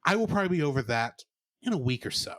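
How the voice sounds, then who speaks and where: High, lively man ranting about a movie. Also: fast talker, dry recording, clean studio sound. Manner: animated, ranting, sarcastic. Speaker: podcast co-host. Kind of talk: casual movie review chat.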